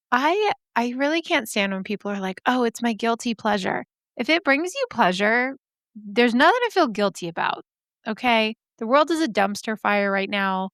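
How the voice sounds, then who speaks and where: A woman's voice: mid-range voice, a bit bright, smooth, no room sound, clean studio sound. A young woman hosting a podcast, chatting casually in a gushing way that swears freely, her voice a little scratchy today. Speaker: podcast host. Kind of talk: casual chat.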